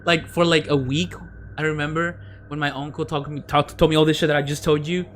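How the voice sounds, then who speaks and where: A man's voice: on the high side, flat delivery, fairly quick, fairly bright tone, slight background noise. A man hosting a podcast, telling a story in a rambling casual way, full of fillers and dropped-in Spanish words. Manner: drops in Spanish words and phrases. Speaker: podcast host.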